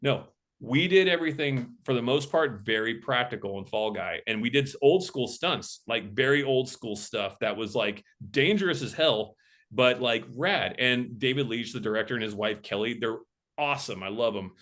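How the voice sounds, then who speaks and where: A man's voice: mid-range voice, normal speed, fairly bright tone. A man, a film director and camera operator, tells stories as a guest in a casual interview and acts out the voices of people he quotes.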